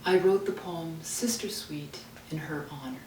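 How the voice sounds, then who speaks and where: A woman's voice: low voice, measured pace, warm tone, slight background noise. A woman poet giving a dramatic reading of her poems at home, sometimes dropping to a whisper. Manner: dramatic, dynamic reading, drops to near whispers. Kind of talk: poetry reading. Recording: roomy, distant home recording.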